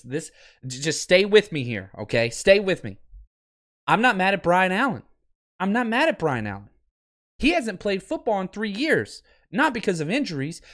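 A man hosting a sports show, delivering an animated, ranting commentary with repeated phrases and casual swearing. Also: high-pitched. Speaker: sports podcast host.

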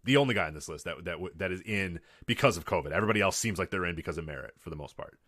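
A lower-voiced man talks fast and rambles, his pitch swinging up and down as he circles his point with lots of fillers. He is recorded dry and close. The tone is loose, easygoing podcast talk. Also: expressive, fairly bright tone, dry recording. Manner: rambling, quick, many fillers and restarts, laughs easily. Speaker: podcast co-host. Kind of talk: casual chat.

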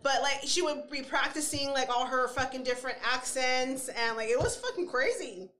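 A woman's voice: sits high, normal speed, sharp tone. A woman in her forties co-hosting a casual podcast chat, rambling, laughing often and swearing freely. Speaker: podcast co-host.

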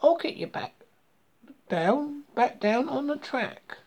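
Reader doing a kind helpful little mouse, storybook, high voice, slow. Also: animated, heavily acted. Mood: gentle. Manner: gentle, rhyming storybook voice.

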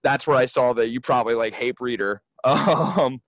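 A man co-hosting a casual podcast chat, excitable and profane, rambling with lots of restarts. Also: mid-range voice, normal speed, dry recording, highs cut off. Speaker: podcast co-host.

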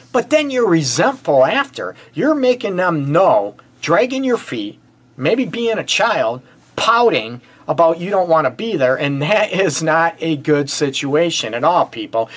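A man's voice: on the high side, a bit bright, husky. A man hosting a relationship advice show as a counselor, talking straight to viewers in a blunt, emphatic way and often calling them "people.". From United States. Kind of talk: direct-to-camera advice talk.

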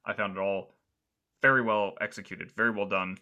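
A man with a low-leaning, bright voice chats loosely about movies on a podcast. He circles his points with fillers and restarts. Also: fairly even intonation, brisk, highs cut off. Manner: rambling, many fillers and restarts. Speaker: podcast co-host. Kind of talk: casual film discussion.

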